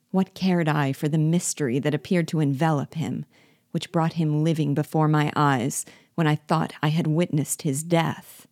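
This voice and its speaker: Low-voiced woman reading a novel aloud. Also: dry recording, clean studio sound. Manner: measured, expressive storytelling. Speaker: reader.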